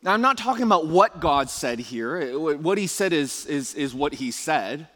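A man's voice: on the high side, animated, normal speed, a bit bright. Chatty preacher man in an echoing hall. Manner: chatty with many restarts and rhetorical questions. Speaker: pastor. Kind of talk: conversational sermon. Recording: long reverb of a large hall.

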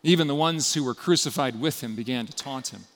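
A man giving a sermon, retelling a story with dramatic shifts between loud emphasis and hushed passages. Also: mid-range voice, a little fast, big-room sound, slight background noise. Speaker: preacher.

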